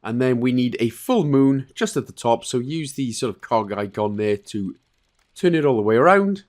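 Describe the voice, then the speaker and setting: A relaxed man in the middle of a casual game walkthrough, talking through each step at an easy pace. His pitch rises and falls a lot as he explains, and he often pauses with fillers or corrects himself mid-sentence. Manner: relaxed, chatty, with frequent fillers and self-corrections. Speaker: game guide creator.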